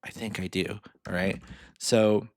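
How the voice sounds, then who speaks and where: A man's voice: lowish voice, flat delivery, a little slow, loud music behind the voice. A man giving a casual screen-share finance lesson, chatty, with playful asides and chuckles. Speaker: financial mentor.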